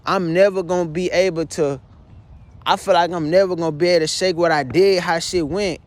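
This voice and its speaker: A man's voice: high-pitched, fairly even intonation, a little fast. A young man, tearfully venting in a profane, repetitive confessional monologue from his bedroom. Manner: distraught, addresses listener as "son" constantly, profane, repetitive. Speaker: vlogger.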